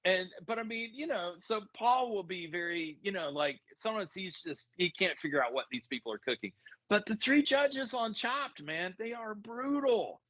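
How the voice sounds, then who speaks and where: A man's voice: sits high, expressive, normal speed, bright, forceful tone, no room sound. An American man co-hosting a casual movie podcast, rambling with asides and laughing often. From United States. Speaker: podcast co-host. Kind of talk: casual chat. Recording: dull lo-fi dry sound.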